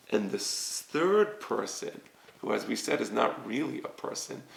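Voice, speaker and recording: A man teaching a recorded lesson, explaining slowly and often checking with "right?". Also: mid-range voice, gravelly, roomy sound, poor audio. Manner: slow, explanatory, repeats "right?" to check understanding. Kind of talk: recorded lecture on grammar.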